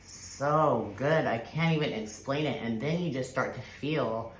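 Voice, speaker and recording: Speaking at an unhurried pace in an extremely low voice, a woman shares a personal spiritual story as a vlogger. She rambles casually with plenty of fillers, restarts, and an occasional swear word, and faint hiss and echo fill the room.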